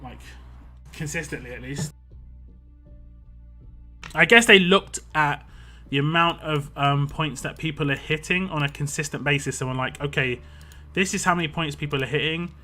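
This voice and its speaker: This British streamer's voice is a little high, pushed and bright, moving at a moderate pace with long pauses. He chats and rambles through a mobile game while reading out chat messages, soft music playing behind him.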